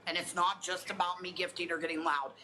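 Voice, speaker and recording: Loud, blunt woman ranting live. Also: lowish voice, fairly even intonation, brisk, a little hiss or hum, poor audio. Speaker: livestream host. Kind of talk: heated livestream rant.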